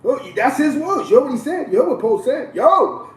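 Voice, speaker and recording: A man hosting casual street storytelling, talking loosely with slang, repeats and frequent shout-outs. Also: extremely high pitch, very animated, normal speed, far from the mic. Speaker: host. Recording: echoey room, voice a bit off-mic.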